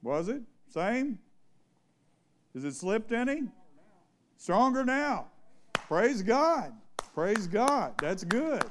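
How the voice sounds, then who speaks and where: A man's voice: sits high, big pitch swings, extremely slow, long pauses, a bit bright, a little hiss or hum. A man preaching an informal sermon to a small church, reading scripture and asking the congregation questions in a folksy, conversational way. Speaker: pastor.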